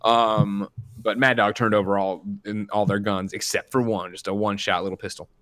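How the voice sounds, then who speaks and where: A young adult man co-hosting a podcast, recapping a film in a rambling, animated way with lots of fillers. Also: lowish voice, normal speed, dry recording, studio quality. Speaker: podcast co-host. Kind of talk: casual chat recapping a film.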